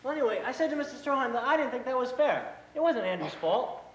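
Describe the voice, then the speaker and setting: Speaking quickly in a very high, exaggerated voice, a young man acts as a hot-headed but earnest eighteen-year-old brother in a school play. His storytelling is animated and indignant, complete with an imitation of his boss, captured in an echoey auditorium with faint hiss.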